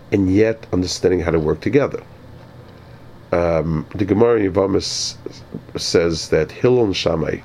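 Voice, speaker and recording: A man teaching a Torah lecture as a rabbi, speaking in a halting way with many repeated words and pauses. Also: low-pitched, darkish tone, slight background noise, low-quality recording.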